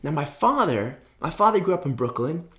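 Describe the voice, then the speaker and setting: A man who is a rabbi, telling a story in an animated, storytelling talk and breaking into excited shouts. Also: a little high, brisk.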